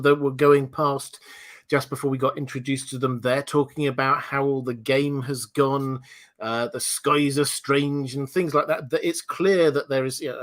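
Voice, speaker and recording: A man's voice: medium pitch, fairly bright tone. A man hosting a casual livestream chat, musing aloud with many restarts and fillers. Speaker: livestream host.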